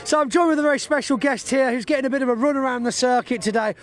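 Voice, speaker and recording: A man presenting live while walking around an outdoor race circuit, chatting and joking with guests. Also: very high voice. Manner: chatty, jokey, quick asides. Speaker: trackside presenter.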